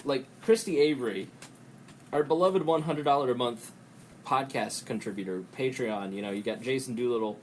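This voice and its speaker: Male podcast host, mid-pitched, rambling and profane, faint hiss behind. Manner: rambling, profane, jumps into quick impressions. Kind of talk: casual podcast chat.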